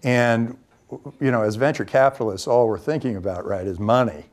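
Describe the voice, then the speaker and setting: A man telling lively stories at a lecture, acting out bits of dialogue as he goes. His voice sits in a middle pitch, and he often pauses with ums and starts his sentences over. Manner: lively storyteller who acts out quoted dialogue; frequent ums and restarts. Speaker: venture capitalist giving a talk. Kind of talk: anecdotal lecture to students.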